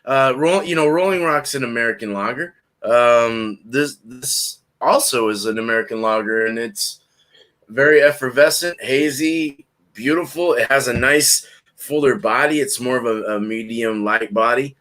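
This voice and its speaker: A man with a mid-pitched voice talks eagerly about his food and beer on a casual stream. His descriptions pile up in long, excited lists. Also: moderate pace. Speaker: guest reviewer.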